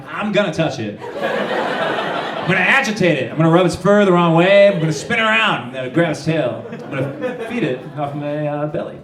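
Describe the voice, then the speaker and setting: A man with a fairly high voice works through a stand-up set with a halting, rambling delivery, restarting his lines. He is caught on a stage mic in a roomy club, heard from a distance, and the crowd is clearly audible behind him. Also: very noisy. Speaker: stand-up comedian. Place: comedy club stage, live audience.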